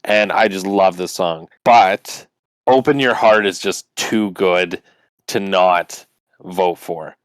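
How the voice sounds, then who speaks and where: A man's voice: deep voice, slow, smooth, dry recording. A man co-hosting a podcast in casual chat, running the bracket and arguing his opinions with lots of "like".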